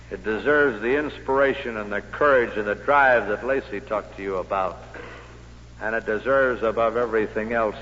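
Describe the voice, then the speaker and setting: A man's voice: lowish voice, a little hiss or hum. Older man, speech, dry humor, emphatic, echoey hall, dull old recording. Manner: dry humor, builds to loud emphatic peaks. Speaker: sales executive giving a speech. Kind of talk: storytelling speech to an audience.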